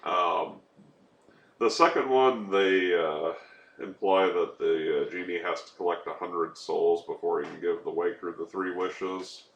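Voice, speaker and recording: A man's voice: low-pitched, a little slow, fairly bright tone, highs cut off. A man co-hosting a podcast, explaining film details in a hesitant way with frequent ums. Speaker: podcast co-host. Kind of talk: casual chat. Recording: roomy room with faint noise.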